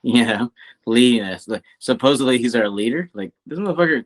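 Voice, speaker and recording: A man's voice: medium pitch, animated, fairly quick. Emphatic profane man. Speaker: podcast co-host. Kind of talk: casual chat.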